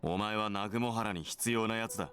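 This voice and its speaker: A man voicing a serious teenage senior teammate in a game, talking bluntly and roughly. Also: lowish voice, quick pace, a bit bright, lightly acted. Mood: stern. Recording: game audio with music behind.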